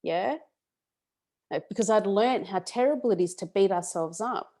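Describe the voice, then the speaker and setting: A woman talks casually to a webinar audience about emotional healing. She speaks in a chatty, animated way at a middle pitch and keeps checking in with "yeah?" and "okay?". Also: moderate pace.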